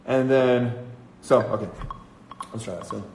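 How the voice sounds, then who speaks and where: A male musician writing a song on a livestream. He mutters his ideas softly, letting phrases trail off, then sings trial lines. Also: mid-range voice, measured pace, reverberant, slight background noise, poor audio. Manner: soft, trailing speech between sung phrases. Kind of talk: songwriting livestream, thinking aloud.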